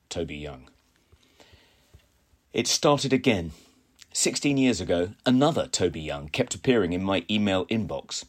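A man reading his own first-person column aloud in a wry, matter-of-fact way. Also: deep voice.

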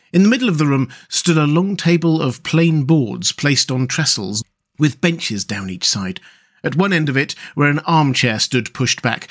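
A man hosting a story podcast and narrating a classic children's novel in a measured, gentle read-aloud manner. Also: a little high. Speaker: host and storyteller.

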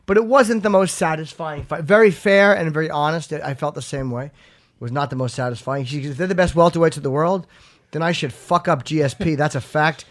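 A man's voice: on the high side, brisk. Opinionated man in casual chat.

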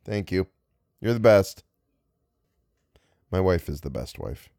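A man's voice: low-pitched, animated, slow pace, vocal fry, a little mellow, no echo, studio quality. A man reading old ghost stories aloud, often breaking off to joke about his own slips and grumble. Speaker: storyteller.

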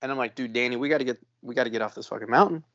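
A man's voice: medium pitch, rapid-fire, muffled recording. A man telling a long story on a casual podcast, swearing often and acting out the other people in it. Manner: profane, animated storyteller. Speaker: podcast co-host.

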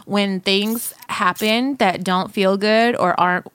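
A woman's voice: medium pitch, steady tone, slow, fairly bright tone, clean tone, dry recording. A woman co-hosting a podcast in casual chat, playful and giggly, swearing freely. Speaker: podcast co-host.

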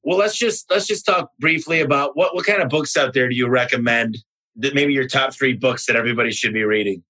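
A man's voice: mid-range voice, brisk, sharp tone, no echo, poor audio. A man hosting a podcast, asking questions in an eager, enthusiastic way. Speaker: podcast host. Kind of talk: podcast interview.

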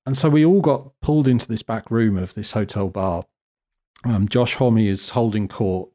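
A British man telling a lively, self-deprecating story as a guest photographer in a casual interview. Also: lowish voice, normal speed. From Britain. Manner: animated, self-deprecating, acts out quotes.

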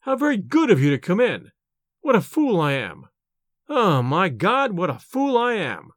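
A man's voice: sits high, huge pitch swings, measured pace, a bit bright, no room sound, clean studio sound, heavily acted. A man reading an audiobook and voicing a shaken, secretive male scholar who speaks in a faltering, breathless way. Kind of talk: audiobook character voice.

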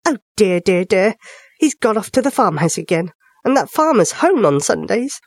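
A man reading a storybook, voicing a small fretful mouse in a high fluttery worried voice. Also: big pitch swings, normal speed, no echo, studio quality, exaggerated voice.

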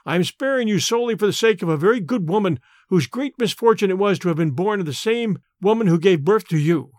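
A man's voice: high voice, animated, fast, no room sound. Storybook hero: a powerful, cold, threatening man, voiced by a male reader; dry, close. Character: powerful wild-raised man, cold and deadly.

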